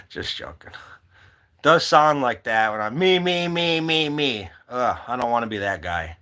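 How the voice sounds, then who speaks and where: Bright-voiced man rambling on a livestream. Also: mid-range voice, animated, moderate pace, few pauses, smooth. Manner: rambling, talks to viewers by name. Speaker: livestream host. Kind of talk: casual live-stream chat.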